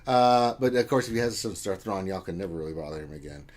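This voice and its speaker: A man's voice: low voice, lively intonation, fast, darkish tone. A man co-hosting a casual live stream, reading viewer chat aloud with joking, playful teasing.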